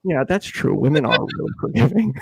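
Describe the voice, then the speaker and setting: Young man podcast co-host, lively storyteller, dry close mic, jumps into a high voice for quotes. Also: brisk, creaky, slightly rough, no room sound. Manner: animated, acts out quotes in a high voice. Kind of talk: casual chat, storytelling.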